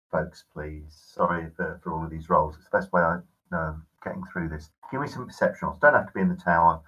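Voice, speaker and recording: A man's voice: sits low, fairly bright tone, husky, dull audio. A man narrating a tabletop game as game master, with hesitant, apologetic asides.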